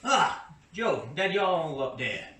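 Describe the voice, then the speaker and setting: A man's voice: sits high, sing-song, slow pace, pitched above the performer's own voice, full character voice. A man voicing a burly, wary male gate guard who talks in a bossy backwoods drawl. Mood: gruff. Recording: roomy far-off mic with background noise.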